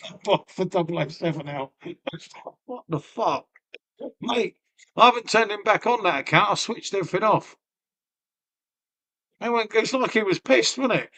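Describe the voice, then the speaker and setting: A man's voice: sits high, fairly bright tone. A middle-aged man, chatting casually and rambling to his live-stream viewers, swearing and laughing often.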